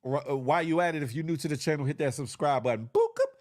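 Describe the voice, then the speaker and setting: Man, livestream host, casual joking chat, slangy and animated, slightly high voice, dry close mic. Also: racing, dry recording. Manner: animated, loose and joking, with slang and sound effects. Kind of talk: casual live chat reacting to viewers.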